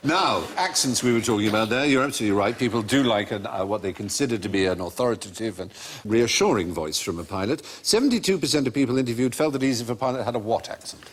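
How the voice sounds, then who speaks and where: A male quiz host with a lively, swooping voice at a middle pitch. He sounds erudite and wry, lightly amused as he steers the panel. There's a faint hiss behind him. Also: quick pace, hardly any pauses. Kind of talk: hosting a comedy panel quiz.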